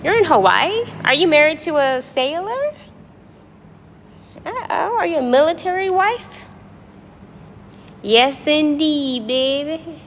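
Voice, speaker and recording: A woman voicing a chatty New Orleans auntie with a high, sing-song drawl who calls everyone baby. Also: expressive, slow pace, pauses often, a little hiss or hum, full character voice. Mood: doting.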